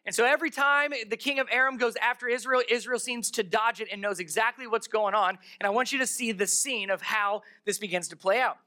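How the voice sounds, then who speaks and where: A pastor delivers a sermon in a relaxed, chatty storytelling manner, stopping for asides and questions to the congregation. The voice is bright and forward, at a medium pitch. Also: fairly quick, few pauses. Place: church service held in a darkened theater.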